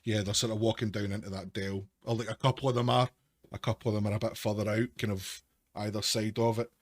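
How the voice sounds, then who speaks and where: A man's voice: lowish voice, little pitch movement, quick pace, no echo. A man narrating as game master, describing the scene in a loose, hedging way.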